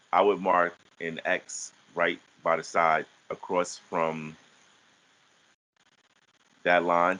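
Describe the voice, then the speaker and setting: A man with a deep, low voice talks through a lesson for an online class. He explains patiently and often stops to restart his sentences. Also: steady tone, a bit bright, rough recording. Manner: halting, many restarts and fillers. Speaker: teacher.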